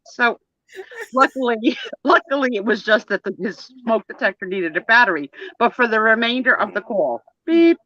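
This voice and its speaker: A woman hosting a casual talk show, telling a story in a lively way, laughing and acting out the people in it. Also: a little high, normal speed, highs cut off. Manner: animated, laughing, acts out the people in her stories.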